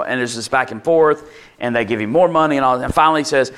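A man's voice: medium pitch, fast, a bit bright. A man preaching a conversational sermon to his congregation, with asides and restarts, acting out quoted lines in a livelier voice. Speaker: pastor.

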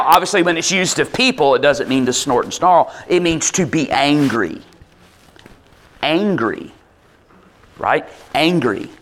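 A man's voice: on the high side, fairly bright tone. A male pastor preaching a conversational, expository sermon, firing rhetorical questions at the congregation.

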